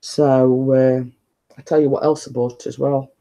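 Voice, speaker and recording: A man chats on a live stream at home, keeping his voice down as he rambles on to viewers. He talks slowly, his tone mellow and unhurried, captured on a phone. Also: medium pitch, little pitch movement. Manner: talking quietly, rambling and chatty. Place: living room at home, indoors.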